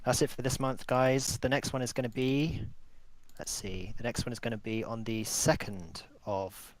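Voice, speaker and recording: A man hosting a relaxed clan meeting over voice chat, running through announcements with a joking manner. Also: medium pitch, normal speed. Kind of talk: casual online group chat.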